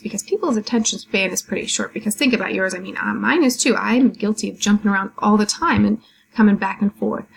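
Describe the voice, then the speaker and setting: A woman's voice: mid-range voice, vocal fry. A woman coaching business owners on blogging in a chatty, rambling, upbeat casual tutorial. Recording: roomy echo, faint ambience.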